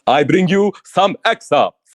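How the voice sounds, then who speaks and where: A man's voice: high-pitched, expressive, slow, no room sound, voice pushed up. A man playing a grandiose, pompous male romance author who reads out florid erotic excerpts in ornate language. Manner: grandiose, theatrical, ornate wording.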